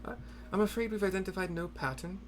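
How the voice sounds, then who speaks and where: A man's voice: high voice, fast talker, soft background music, pitched above the performer's own voice, lightly acted. A man voicing an earnest, anxious noblewoman speaking in formal, urgent phrases.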